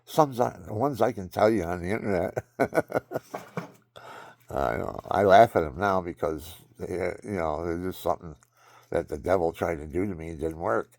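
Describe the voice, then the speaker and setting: A man's voice: sits low, normal speed, gravelly, darkish tone, no room sound. An older man rambling through personal stories and religious advice, often restarting sentences and chuckling at himself. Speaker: vlogger telling personal stories.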